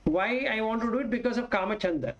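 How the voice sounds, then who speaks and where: Dharma teacher, male, raised pitch, plain examples and chanted Pali verses. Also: quick pace, muffled recording. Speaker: Buddhist Dhamma teacher.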